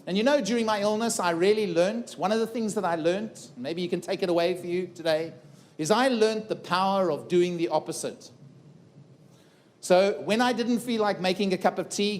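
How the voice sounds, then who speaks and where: A man's voice: high-pitched, darkish tone. A middle-aged man gives an earnest keynote talk to a live audience about his own life. He repeats phrases for emphasis and asks the audience questions. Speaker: keynote speaker. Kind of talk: personal story told to a live audience. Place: conference room before a live audience.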